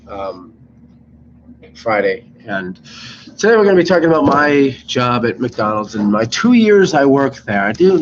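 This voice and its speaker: A man's voice: medium pitch, highs cut off, a little hiss or hum. A young man telling rambling work stories in a casual vlog, swearing freely and acting out rude customers. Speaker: vlogger. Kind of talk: casual storytelling.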